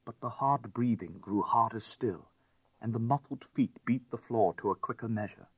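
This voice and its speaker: A man narrating a classic tale as an audiobook in a measured, expressive way. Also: medium pitch, breathy edge, dry recording, muffled recording.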